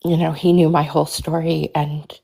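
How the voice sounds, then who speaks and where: A woman telling her own story over a video call, halting and hesitant, close to tears and struggling to keep her voice steady. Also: deep voice, gravelly. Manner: halting, hesitant, many restarts and fillers. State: tearful, fighting emotion. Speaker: caller sharing her story. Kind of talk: emotional personal account on a livestream.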